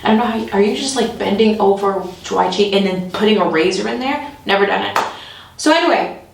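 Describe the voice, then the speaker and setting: A woman telling a comic story in an animated way, laughing often and acting out the voices of the people in it. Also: mid-range voice, fairly quick, creaky, slight background noise. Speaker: comedian. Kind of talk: storytelling comedy. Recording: echoey room, from a distance.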